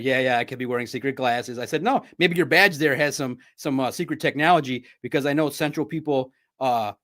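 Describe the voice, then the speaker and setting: A man hosting a sports podcast, telling stories in a chatty, animated way. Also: medium pitch. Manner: animated, chatty storytelling with laughs. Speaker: podcast host. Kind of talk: casual sports recap.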